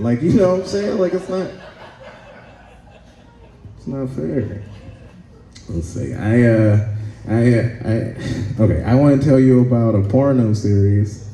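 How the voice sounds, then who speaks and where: A man doing a stand-up comedy set in a club, laid-back and halting, often pausing with "uh" and chuckling between lines. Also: medium pitch, animated, dark tone, echoey room, low-quality recording. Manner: laid-back, halting, with frequent "uh" and "let's see".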